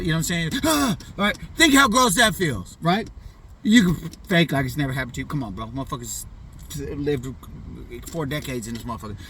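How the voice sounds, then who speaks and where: A man's voice: on the high side, a bit bright, recorded from a distance, slight background noise. A middle-aged man casually telling a funny childhood story in loose, profane slang, often tossing in "you know what I'm saying.". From US Pacific Northwest. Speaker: vlogger.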